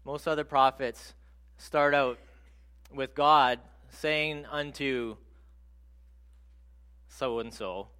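A man preaching a sermon in a conversational, animated storytelling way. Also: medium pitch, takes it slowly, pauses often, clean tone.

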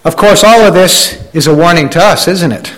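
A man with a slightly high voice preaches a sermon in an easygoing, conversational way. He talks it through with the congregation, often restarting his phrases. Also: normal speed, fairly bright tone, low-quality recording. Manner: conversational preaching with frequent restarts and "you know"; acts out quoted complainers in a raised voice. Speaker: pastor.

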